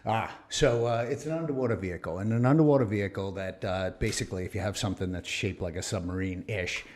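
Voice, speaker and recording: A middle-aged American man with a fairly low voice tells stories on a podcast. He is animated and acts out the other people in his tales. He laughs often. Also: quick pace. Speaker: podcast guest. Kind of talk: casual storytelling chat.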